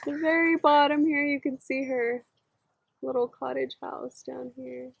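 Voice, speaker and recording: A woman teacher reading a children's story aloud, slow, gentle and expressive. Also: sits high, creaky, lo-fi sound.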